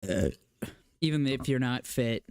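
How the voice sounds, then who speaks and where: A woman co-hosting a podcast, talking in an animated, casual way, swearing freely and filling her speech with "like". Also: extremely low pitch, a little slow, creaky, clean tone. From United States. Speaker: podcast co-host. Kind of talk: casual chat.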